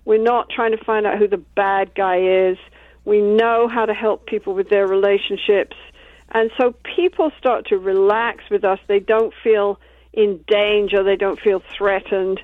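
A woman talks calmly about her work as a couples therapist, walking through examples from sessions. Her voice comes through a narrow, tinny line with a dry sound. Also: mid-range voice, measured pace, no room sound. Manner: calm, explains with acted-out examples. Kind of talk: interview conversation.

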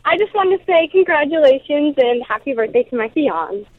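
A young woman calling in to a radio show, bubbly and excited. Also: sits high, moderate pace, a crowd in the background. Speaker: caller. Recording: dull sound, voices in car.

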